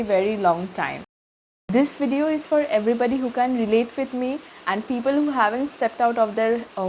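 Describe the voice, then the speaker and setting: A woman's voice: fairly high pitch, slight background noise. A woman food vlogger with an Indian English accent, narrating in a chatty, friendly way with frequent fillers. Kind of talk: casual vlog narration.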